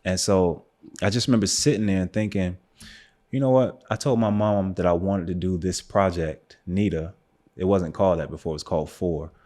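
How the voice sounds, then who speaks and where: Deep-voiced man telling a personal story. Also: brisk. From United States. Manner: relaxed, frequent fillers like "um" and "like". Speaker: photographer and podcast guest. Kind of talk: casual conversational storytelling.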